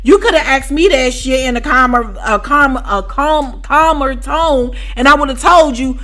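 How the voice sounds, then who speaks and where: A woman telling a story to her viewers in a casual, profane, animated way, often asking if you know what she's saying. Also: high voice, measured pace, few pauses. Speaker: storytime vlogger.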